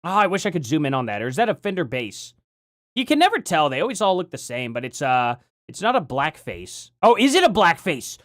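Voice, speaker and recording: A man's voice: a little high, huge pitch swings, fairly quick, a bit bright, no room sound, clean studio sound. A man hosting a live stream, chatting casually and rambling as he reacts to his chat, often laughing.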